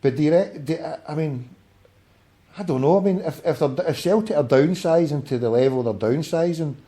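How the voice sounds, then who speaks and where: A man's voice: on the high side, fairly quick, mellow. A man with a Scottish accent hosting a casual football phone-in, ranting and swearing freely and teasing his callers. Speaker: radio phone-in host.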